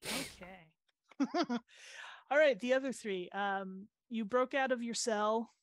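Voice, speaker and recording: A woman's voice: fairly high pitch, slow pace, no room sound. A woman narrating as game master in a tabletop game on a live stream, with a hesitant delivery full of fillers and giggles.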